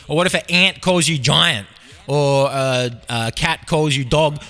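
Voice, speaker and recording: Australian man, podcast host, bright and slightly high, rambling comic monologue. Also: unhurried. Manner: absurd, meandering, filler-heavy.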